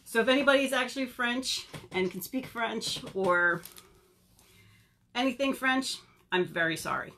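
A woman's voice: on the high side, measured pace, sharp tone, slight background noise. A young woman, a children's librarian, leading a virtual storytime and asking kids questions in a playful way. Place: home or library, on video.

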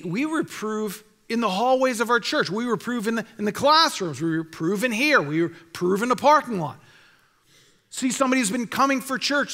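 A man's voice: very high voice, pushed and bright. A male pastor preaching a sermon in a church, earnest and exhorting, repeating his key phrases. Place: church sanctuary. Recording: reverberant church hall.

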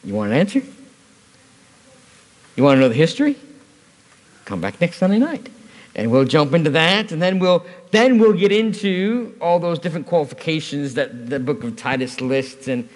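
A man preaching at a church service, his voice pitched a little high and swinging widely as he tells a story with easy, joking asides. The sound carries the long reverb of a church hall. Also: lively intonation, moderate pace, pauses often. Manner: conversational storytelling with humor. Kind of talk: sermon.

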